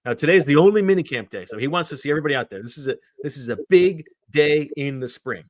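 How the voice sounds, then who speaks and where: A man hosting a sports podcast in casual chat, telling stories in an animated way. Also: a little high, quick pace, dry recording. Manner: animated storyteller.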